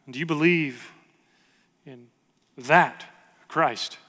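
A man's voice: on the high side, slow pace, pushed and bright. A man in his thirties preaching a sermon as pastor, earnest and emphatic, repeating key phrases. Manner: earnest, building to emphatic repetition. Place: large church hall. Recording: long reverb of a large hall.

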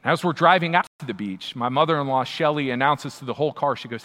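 A man's voice: mid-range voice, racing, few pauses. A man in his thirties telling a funny, self-mocking story to a live audience in a large hall. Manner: animated, self-mocking, punchy delivery. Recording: long hall reverb.

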